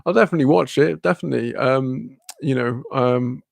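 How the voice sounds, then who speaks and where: A man's voice: mid-range voice, a little fast, gravelly, dry recording. A man chatting casually with his live-stream audience, rambling and laid-back, swearing offhandedly and laughing often.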